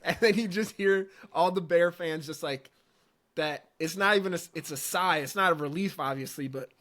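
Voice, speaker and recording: A man with a somewhat high voice chats casually about sports. He tells his stories in a laid-back way and laughs along. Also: moderate pace, fairly bright tone. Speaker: co-host.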